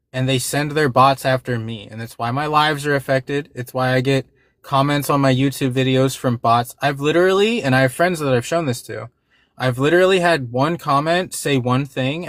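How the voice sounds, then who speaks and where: A man's voice: mid-range voice, a bit bright, no echo, studio quality. A man hosting a livestream, talking casually and with frustration to his chat, swearing and repeating himself. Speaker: livestream host.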